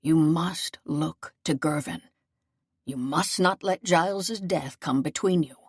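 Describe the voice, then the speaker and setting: A woman voicing an aging, wounded male seneschal who speaks slowly and solemnly in a gentle, fatherly way. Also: low-pitched, breathy edge, dry recording, clean studio sound, heavily acted. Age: older.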